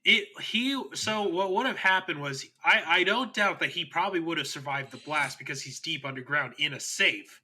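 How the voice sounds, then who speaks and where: Podcast co-host, man, light pitch, sharp bright voice. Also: moderate pace, hardly any pauses, slight background noise, low-quality recording. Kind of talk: casual explanatory chat.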